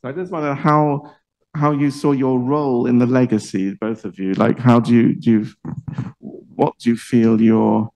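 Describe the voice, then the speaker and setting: Book launch panel moderator, male, mid-pitched, chatty, laughs a lot. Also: steady tone, normal speed, warm tone, poor audio. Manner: chatty, laughs often, restarts sentences. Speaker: event host. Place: library event room.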